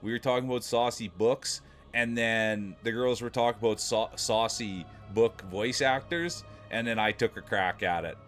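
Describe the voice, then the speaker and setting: A man's voice: lowish voice, moderate pace, fairly bright tone, soft background music. A man livestreaming, talking casually and playfully with his chat, laughing often.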